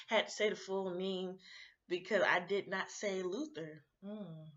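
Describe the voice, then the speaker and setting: A young adult woman vlogger in a rambling, animated casual rant, sounding sleepy. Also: mid-range voice, unhurried, lo-fi sound.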